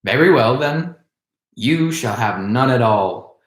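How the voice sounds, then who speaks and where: A man voicing a spiteful old crone with a cracked, creaking voice, reading a storybook aloud in an echoey room. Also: mid-range voice, lively intonation, takes it slowly. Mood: menacing. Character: cracked spiteful old hag, hobbling and muttering.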